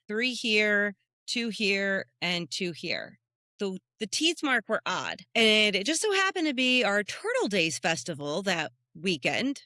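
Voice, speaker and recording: A woman from the United States, co-hosting a podcast, telling animated stories in a casual chat and jumping up high when she quotes people. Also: no echo, studio quality. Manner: animated storyteller who jumps high when quoting people. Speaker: podcast co-host.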